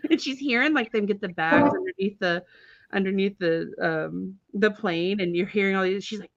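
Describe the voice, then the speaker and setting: A woman telling stories as a live-stream host, animated and full of filler words, laughing often. Her voice is mid-pitched and sounds dull and dry, like lo-fi stream audio. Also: normal speed, no room sound. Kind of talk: casual storytelling on a live stream.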